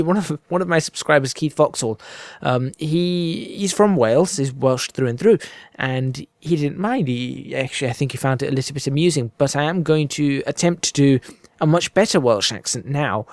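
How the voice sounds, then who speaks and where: A man's voice: mid-range voice, darkish tone, no echo. A man giving rambling, self-deprecating let's-play commentary into a close desk microphone. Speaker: gaming video creator. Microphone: desk microphone close to the mouth.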